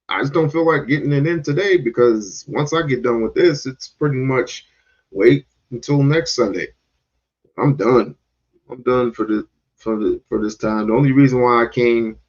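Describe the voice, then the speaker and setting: A man's voice: a little high, lo-fi sound. A man giving heated, confrontational reaction commentary, cursing and repeating himself to drive points home.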